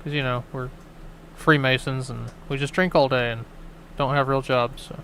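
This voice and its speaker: A man's voice: mid-range voice, fairly even intonation, moderate pace, fairly bright tone, a little hiss or hum, low-quality recording. A man co-hosting a stream who signs off in a wry, tired, joking way. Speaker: co-host. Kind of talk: casual stream sign-off.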